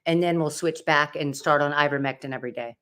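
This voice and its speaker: Chatty woman with a lower voice. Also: quick pace, fairly bright tone. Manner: chatty, laughs easily, casual swearing. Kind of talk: casual chat.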